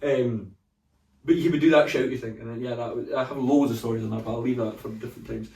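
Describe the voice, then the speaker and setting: A man's voice: medium pitch, steady tone, fast, creaky, recorded from a distance. A man co-hosting a comedy podcast, telling rambling stories with a lot of laughter. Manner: rambling storyteller, laughs a lot, shouts when mimicking. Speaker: podcast co-host. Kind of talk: casual comedic chat. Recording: roomy sound, speaking away from the mic.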